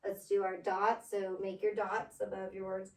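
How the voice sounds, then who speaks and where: A woman's voice: mid-range voice, monotone, normal speed, darkish tone, distant mic. A woman tutoring a pupil in phonics, patiently spelling words out letter by letter. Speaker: reading tutor. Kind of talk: one-on-one phonics lesson. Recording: echoey room, voice off-mic.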